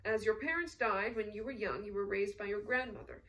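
A woman's voice: medium pitch, fairly quick, fairly bright tone, distant mic, lightly acted. A woman reading aloud as a suave middle-aged male colonel with a genial, inquisitive manner.

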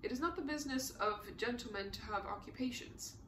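A woman's voice: on the high side, brisk, a bit bright, roomy sound, a little hiss or hum, close to an everyday voice. A woman voicing a witty, unflappable aristocratic count who answers with dry, polite humor. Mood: droll.

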